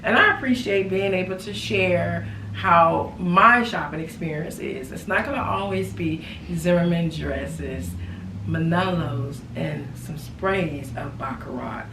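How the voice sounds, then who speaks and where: A woman chatting in a casual haul vlog, animated and repeating phrases for emphasis. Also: fairly low pitch, measured pace, creaky. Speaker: lifestyle vlogger. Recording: echoey room, far from mic, background noise.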